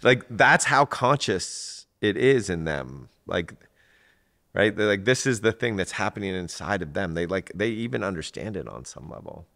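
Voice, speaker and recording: A middle-aged man, an executive coach and guest, telling stories in a lively, animated way and acting out other people's voices. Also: moderate pace. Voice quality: gravelly. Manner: animated, acts out voices in anecdotes with big pitch jumps. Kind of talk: conversational storytelling.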